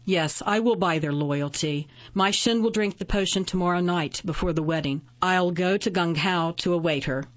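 A woman's voice: lowish voice, moderate pace, few pauses, highs cut off, lightly acted. Woman reading as Kai-Hu, a haughty scheming nobleman. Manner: haughty, commanding. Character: arrogant young nobleman, scheming, commanding.

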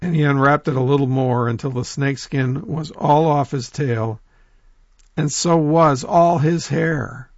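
A man telling a folk tale in a lively oral storytelling manner, talking straight to his listeners. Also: fairly high pitch, unhurried, gravelly, dry recording, dull audio. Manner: lively, animated, addresses listeners directly.

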